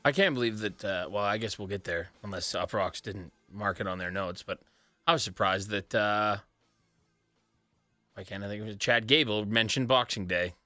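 A man co-hosting a podcast in casual chat, blunt and quick to swear. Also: on the low side, bright, forceful tone, no room sound, soft background music. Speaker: podcast co-host.

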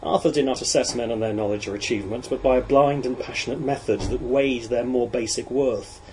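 A man reads a novel aloud at a steady, measured pace. His voice sits at an ordinary middle pitch. A faint hiss runs under the recording. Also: rough recording. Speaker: audiobook narrator.

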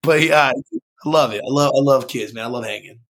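A man's voice: mid-range voice, normal speed, a bit bright. A young man from California, a band singer guesting on a podcast, talking in a laid-back slangy way full of "dude" and "like". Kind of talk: casual podcast conversation.

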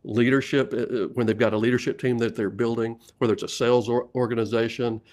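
A middle-aged man with a Southern US accent tells sales stories in a relaxed interview. He laughs often and restarts his sentences as he talks. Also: mid-range voice, fast talker. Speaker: sales leadership coach and guest. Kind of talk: casual storytelling interview.

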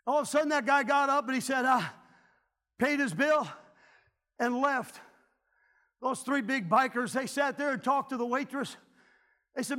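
A middle-aged pastor preaches a revival sermon in a church. His voice sits unusually high, and his delivery is fervent, often rising to a shout. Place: church sanctuary.

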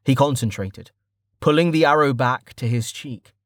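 Man, audiobook narrator, steady storytelling, dry close sound. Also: medium pitch, normal speed, no room sound. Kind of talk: scripted narration.

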